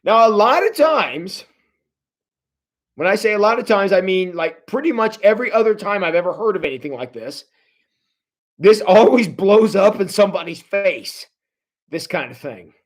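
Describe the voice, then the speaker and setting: High-voiced pastor teaching a livestream. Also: male voice, normal speed. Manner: conversational, animated, repeats words when restarting; addresses viewers directly. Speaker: pastor leading a Bible study. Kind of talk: livestreamed Bible study teaching.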